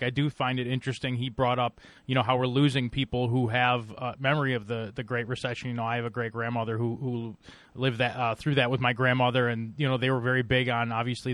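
A man's voice: mid-range voice, fairly bright tone, no echo. A man guest-hosting a talk radio show, chatting in a friendly, conversational way with frequent fillers.

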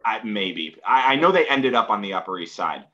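A man from New City, a podcast guest talking casually and haltingly, full of ums and uhs. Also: fairly low pitch, lively intonation, bright, forceful tone, muffled recording. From New York City. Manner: hesitant, lots of fillers and restarts. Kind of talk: casual conversation.

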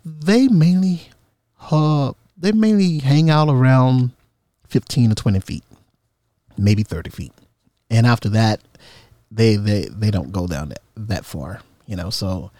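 Animated man telling a funny story. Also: mid-range voice, dry recording. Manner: animated, humorous, acts out quoted voices. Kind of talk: casual personal storytelling.

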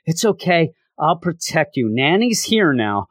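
A man's voice: on the high side, very animated, measured pace, no echo, studio quality. A man voicing a doting, monstrous female nanny creature who coos and smothers. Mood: cooing. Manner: cooing, smothering.

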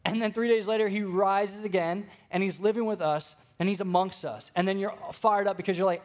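A young man preaching a sermon, telling stories with lively energy and speaking straight to the congregation. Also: high-pitched, brisk, few pauses. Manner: storytelling, animated, addresses congregation directly.

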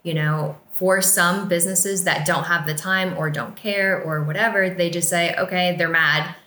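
Bright-voiced woman in an echoey room. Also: lowish voice, fairly even intonation, moderate pace. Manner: earnest, emphatic, lightly laughing. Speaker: podcast co-host and business team member. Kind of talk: casual business podcast chat.

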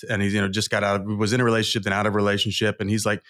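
This man speaks rapid-fire with few pauses, his lowish voice fairly bright. He's in his forties, from Southern California, and is a guest coach on an interview show, rambling through personal stories with earnest emotion in a candid storytelling style.

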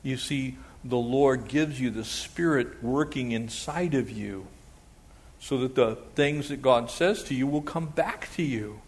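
A pastor preaching a sermon in an animated way, slipping into quoted voices and playful asides. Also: male voice, mid-range voice, a little slow.

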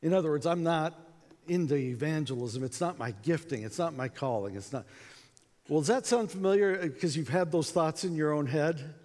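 A man's voice: fairly high pitch, expressive, moderate pace, darkish tone. An American man giving a conference talk, telling a personal story in a conversational way and acting out the voices in it. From United States. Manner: conversational, acts out quotes, many fillers. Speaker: conference speaker. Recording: echoey hall with long reverb.

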